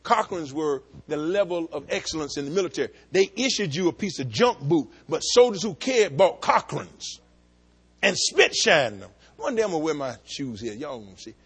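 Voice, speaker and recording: A middle-aged man preaching a sermon, telling folksy stories and rising from low asides to shouted climaxes. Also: very animated, normal speed, husky. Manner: folksy storytelling, talks to the congregation directly. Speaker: pastor.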